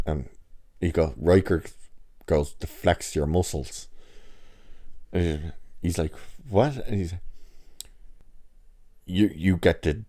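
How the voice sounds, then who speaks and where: Very deep-voiced man recapping an episode. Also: steady tone, unhurried, long pauses, mellow. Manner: rambling retelling with quoted lines. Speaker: reviewer.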